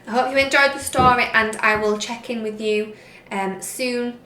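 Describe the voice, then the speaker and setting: A woman teacher reading a story aloud to young children, slowly and expressively. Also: fairly high pitch, echoey room, a little hiss or hum. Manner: slow, expressive read-aloud. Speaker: reception teacher.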